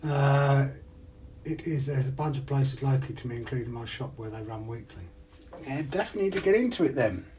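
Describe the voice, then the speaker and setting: A man's voice: medium pitch, animated, fairly quick, darkish tone. A man vlogging casually about his RC hobby, thinking aloud and muttering to himself as he works out how parts fit together. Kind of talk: casual talk while repairing. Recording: distant mic with faint hum.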